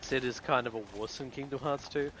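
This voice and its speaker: A man with a middling pitch chats along with a streamer, dropping dry, teasing remarks. Faint music plays behind his voice. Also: steady tone, brisk, a bit bright. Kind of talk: casual banter.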